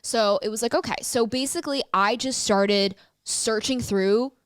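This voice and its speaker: A woman's voice: a little high, moderate pace, no echo, studio quality. A woman in her thirties, a comedian guest in an interview, telling her story animatedly and acting out phone calls in quoted voices.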